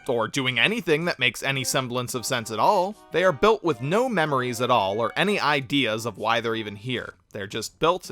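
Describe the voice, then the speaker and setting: A man reviews a video game with heavy sarcasm and theatrical outrage. His pitch swings widely as he talks, and his tone is bright and forceful. Faint music plays behind him. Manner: sarcastic, with exaggerated mock-dismayed outbursts. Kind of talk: comedic scripted review narration.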